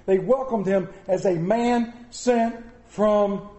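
A middle-aged pastor preaching a sermon in a church, animated and mixing comic asides with scripture. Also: male voice, sits high, takes it slowly, reverberant. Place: church sanctuary.

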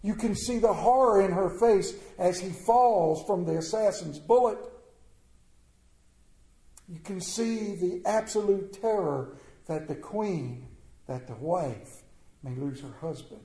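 A man preaching in a large echoing hall, telling a story with folksy, plainspoken flair. His voice sits fairly high for a man but sounds mellow, and he swings between booming and hushed delivery. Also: slow pace. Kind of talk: storytelling sermon. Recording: echoey room.

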